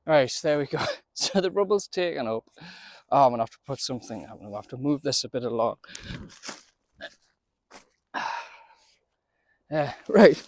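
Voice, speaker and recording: A man's voice: mid-range voice, expressive, normal speed, long pauses, no echo. A man giving a casual, chatty running commentary while he works on his allotment garden outdoors, often laughing and talking to himself.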